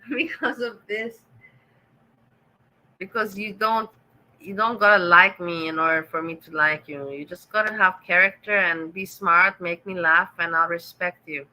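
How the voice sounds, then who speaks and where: A woman's voice: on the low side, steady tone, unhurried, pushed and bright, low-quality recording. A woman with a German accent hosting a casual livestream, reading the chat and answering viewers with sarcastic teasing.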